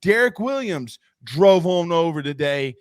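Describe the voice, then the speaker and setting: Guy hosting a sports show, kinda high voice, animated joking storyteller, dry close sound. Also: a little slow, smooth, no room sound. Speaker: sports talk show host. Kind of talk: casual sports talk.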